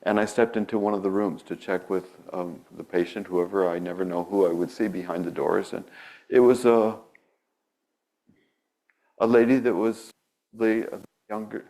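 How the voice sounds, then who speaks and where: Low-voiced man preaching in church. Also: little pitch movement, normal speed, long pauses, dark tone, rough recording. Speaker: pastor. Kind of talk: sermon. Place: church sanctuary.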